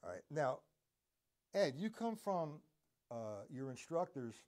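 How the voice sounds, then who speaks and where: A man's voice: a little high, very animated, slow pace, a little mellow. A man teaching a live drum lesson, rambling between points and counting beats aloud as he plays.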